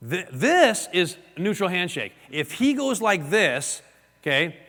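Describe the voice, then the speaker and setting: A man's voice: sits high, moderate pace. A man giving a live seminar talk to an audience, acting out stories and gestures as he teaches. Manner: animated storyteller, acts out gestures and quotes. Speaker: real estate seminar speaker. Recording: long hall reverb.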